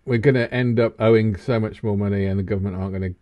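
A man in his fifties co-hosting a casual chat, rambling and animated. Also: fast talker, muffled recording. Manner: animated, rambling, breaks into high laughs. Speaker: co-host. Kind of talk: casual banter.

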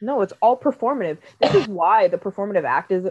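A woman's voice: medium pitch, animated, quick pace, husky, highs cut off. A woman co-hosting a podcast, ranting bluntly and sarcastically in casual, profane chat. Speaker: podcast co-host.

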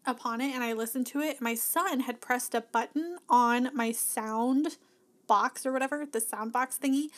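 A woman hosting her own podcast, talking casually and encouragingly with frequent laughs, recorded on a podcast mic. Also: a little high. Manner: chatty, upbeat, encouraging, laughs often. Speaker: podcast host and business coach. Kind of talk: casual motivational podcast talk. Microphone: podcast mic plugged into an audio box.

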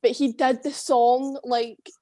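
A woman's voice: high-pitched, level tone, slow, warm tone. Young Scottish woman chatting casually. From Scotland. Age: young adult. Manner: chatty, rambling, laughs often, swears. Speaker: former drama student. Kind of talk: casual chat.

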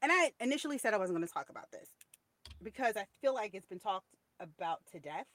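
A woman's voice: mid-range voice, big pitch swings, fast, fairly bright tone, no echo. A woman co-hosting a podcast, chatting casually and sharing opinions in a storytelling way. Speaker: podcast co-host. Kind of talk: casual chat.

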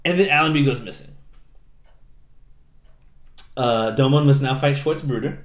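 A man in casual chat, retelling a story with plenty of animation and throwing on goofy voices for the characters. His speech is loose and profane, with a mid-range pitch. The sound carries a roomy echo. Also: moderate pace. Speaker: podcast co-host recapping an anime.

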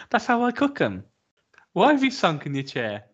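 A man's voice: very high voice, breathy edge. A man on a casual comedy podcast, speaking in a stubborn, laid-back way. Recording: dull lo-fi sound.

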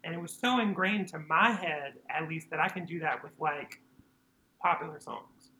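Bright-voiced man in a roomy space. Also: on the high side, moderate pace. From North Carolina. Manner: loose, hesitant, many fillers. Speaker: guest singer-songwriter. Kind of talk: casual interview chat. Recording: roomy echo, faint noise.

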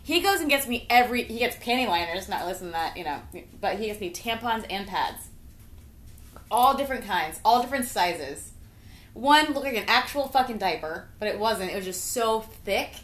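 A young adult woman co-hosting a podcast, telling a story in a lively, casual way and swearing freely. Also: mid-range voice, moderate pace. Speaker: podcast co-host. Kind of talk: casual chat. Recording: roomy echo.

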